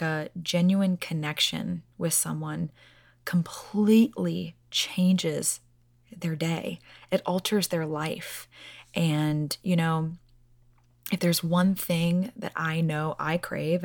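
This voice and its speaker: A woman with a low voice speaks directly to her viewers in a casual, heartfelt way. She is earnest and circles back on her own phrases. Her voice sounds dry and close, with no room around it. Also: no room sound. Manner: earnest, repeats "like I said".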